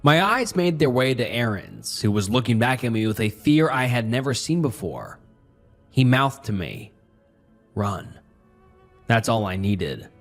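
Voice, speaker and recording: A man narrating a first-person horror story in a tense, dramatic way, dropping low and quiet for asides. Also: sing-song, moderate pace. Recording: faint music bed behind the voice. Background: faint background music.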